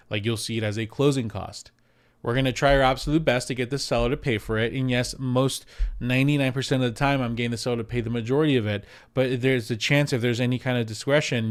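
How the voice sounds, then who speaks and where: A man who works as a real estate agent, giving casual advice to camera in an animated way, repeating words for emphasis and acting out quotes. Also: mid-range voice. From United States.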